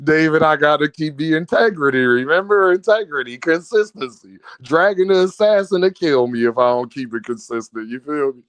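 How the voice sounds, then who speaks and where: A man hosting a casual livestream, reading out donations and talking straight to his chat, animated and laughing often. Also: a little high, fairly quick, hardly any pauses, clean tone, dry recording. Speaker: livestream host.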